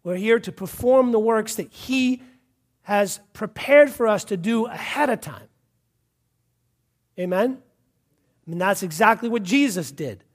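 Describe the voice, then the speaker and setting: A man's voice: high-pitched, expressive, unhurried, pauses often. A man from Massachusetts preaching a fervent sermon, repeating points and calling out hallelujahs. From Massachusetts, USA. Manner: fervent, repetitive, punctuated with hallelujahs.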